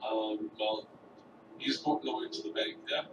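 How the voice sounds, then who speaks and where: A man's voice: on the low side, slow. A man playing a tabletop game, hesitant with fillers. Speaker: player. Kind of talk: casual tabletop play. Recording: roomy, distant, noisy.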